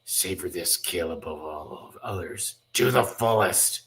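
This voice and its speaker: A man voicing a brutal male mutant brute in a comic read-through, shouting gloating threats. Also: low-pitched, unhurried, creaky, full character voice. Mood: savage.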